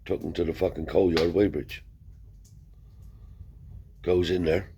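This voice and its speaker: Deep-voiced man telling a rambling yarn. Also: flat delivery, measured pace, dark tone, slight background noise. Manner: rambling, swears freely, acts out dialogue; broad colloquial speech. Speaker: storyteller. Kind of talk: casual spoken anecdote.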